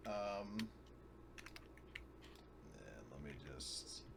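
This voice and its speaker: A man's voice: extremely low pitch, sing-song, very slow, vocal fry, a bit bright, a little hiss or hum. A man playing in a tabletop role-playing game, chatting casually and rambling through purchases with lots of fillers and restarts. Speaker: player.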